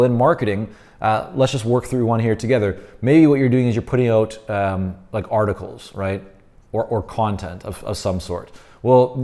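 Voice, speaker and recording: A man teaching consultants in an informal, conversational way, often pausing with fillers and restarting phrases as he explains. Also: mid-range voice, mellow. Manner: explains while drawing on a board. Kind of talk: instructional talk to camera.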